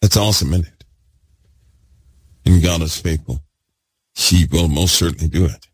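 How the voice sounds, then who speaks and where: A man preaching a fervent sermon, repeating himself and swinging between loud bursts and hushed asides. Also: low voice, normal speed, slightly rough, no echo.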